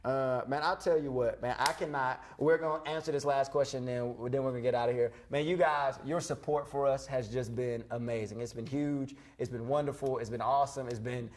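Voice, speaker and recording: A man's voice: mid-range voice, fairly even intonation, brisk, few pauses, a little mellow, slight background noise. Playful young man co-hosting a church show. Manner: playful, jokey, boastful about words. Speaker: youth show co-host. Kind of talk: casual church youth show chat.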